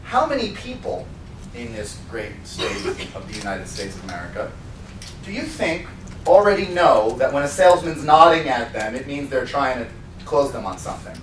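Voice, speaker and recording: A man training salespeople at a seminar, talking in a lively way and acting out demo scenes. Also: medium pitch, normal speed. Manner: lively, acts out scenes in put-on voices. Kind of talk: animated seminar teaching. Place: seminar room. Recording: roomy sound from a distant mic with faint noise.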